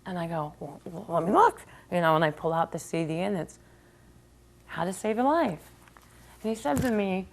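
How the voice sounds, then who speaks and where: A woman with a slightly low voice tells a heartfelt story as a mother. She speaks warmly and sincerely, quoting the questions her young son asked her. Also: normal speed, creaky. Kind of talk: personal storytelling.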